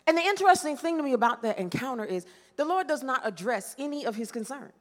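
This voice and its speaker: Woman, preacher, sermon, fairly high voice, call-and-response questions, dramatic pauses, long church reverb. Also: expressive. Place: church sanctuary.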